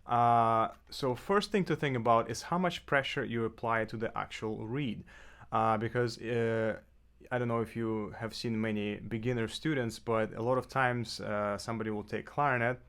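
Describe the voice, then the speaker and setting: Man explaining clarinet technique, relaxed. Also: mid-range voice, moderate pace. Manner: relaxed, with frequent fillers and self-corrections. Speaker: clarinet teacher. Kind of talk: casual instructional tutorial. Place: apartment indoors.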